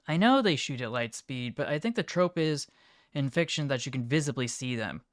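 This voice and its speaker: A man of ordinary pitch with a smooth, resonant voice chats casually through a live stream. He reacts to viewers' images in a mumbling, offhand way, broken by sudden excited bursts. The sound is close and dry. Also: normal speed, no room sound. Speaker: livestreamer reacting to chat images.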